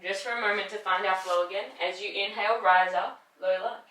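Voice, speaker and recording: Woman yoga teacher, bright tone, coaching through strain, off-mic in a roomy space. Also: mid-range voice, fairly even intonation, fairly quick, recorded from a distance. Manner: encouraging, pushes through effort and laughs at the strain. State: strained from holding the poses. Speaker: yoga instructor. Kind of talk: guided yoga class instruction.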